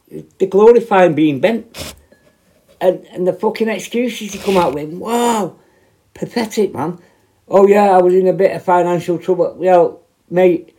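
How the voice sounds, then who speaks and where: A man's voice: fairly high pitch, warm tone. Angry sweary man ranting. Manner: sweary, confrontational, blunt. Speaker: former prison officer. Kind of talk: angry direct-to-camera rant.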